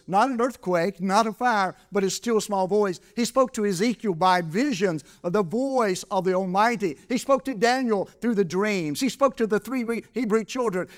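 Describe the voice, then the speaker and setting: A man preaching a sermon at a church service, repeating his key words for emphasis and reading scripture slowly. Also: high-pitched. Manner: reads scripture slowly in old English. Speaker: pastor.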